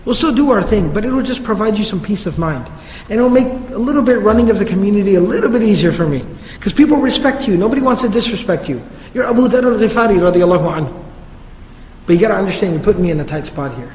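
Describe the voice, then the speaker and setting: A man voicing a calm male community leader who reasons gently with an old friend in casual, slangy speech. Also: sits high, fast talker. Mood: persuasive. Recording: reverberant hall.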